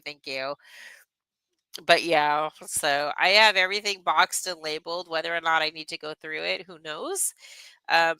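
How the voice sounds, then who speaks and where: A woman's voice: on the low side, sharp tone, smooth, no room sound, poor audio. A woman in her thirties hosting a casual craft livestream, chatting in a rambling way and reading viewer comments aloud.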